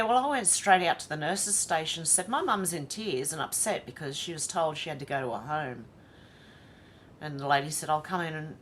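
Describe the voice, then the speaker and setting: Australian woman, livestream host, low-ish chatty voice, reads viewer comments aloud with a faint rumbling noise underneath. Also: fairly bright tone. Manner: chatty, greets viewers one by one. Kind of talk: casual livestream chat, reading comments aloud.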